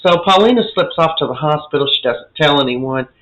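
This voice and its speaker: A man's voice: fairly high pitch, lively intonation, a little fast, fairly bright tone, dull audio. A man giving a casual, chatty recap of a soap opera episode, opinionated and full of fillers.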